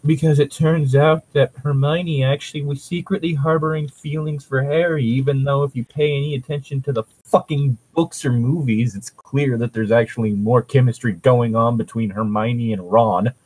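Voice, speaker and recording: A man's voice: medium pitch, fairly even intonation, normal speed, few pauses, darkish tone, breathy edge, low-quality recording. A young man co-hosting a fan fiction reading podcast, ranting sarcastically and swearing freely. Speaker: co-host.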